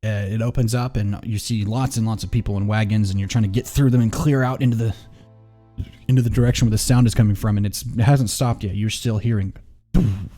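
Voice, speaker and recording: A low-voiced man runs a tabletop game, narrating in a mellow, unhurried way with many fillers. Faint music plays behind him. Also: fairly even intonation. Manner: rambling, with fillers and quick asides. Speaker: game master.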